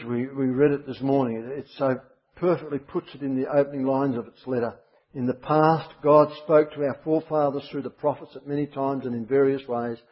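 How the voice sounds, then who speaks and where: A man's voice: medium pitch, breathy edge, dull audio. A man preaching a sermon, emphatic and repeating his key phrases for weight.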